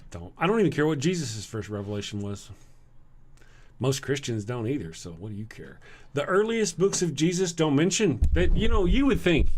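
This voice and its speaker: A man with a Southern US accent, hosting a casual livestream and answering chat. He sounds tired, talks bluntly and sarcastically, and clears his throat often. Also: mid-range voice, a little mellow. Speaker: livestream host reading chat.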